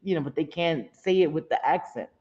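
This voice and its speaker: A woman's voice: sits low, brisk, dark tone, highs cut off. A middle-aged woman hosting a casual live chat, talking in a loose, chatty way and often laughing. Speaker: livestream host.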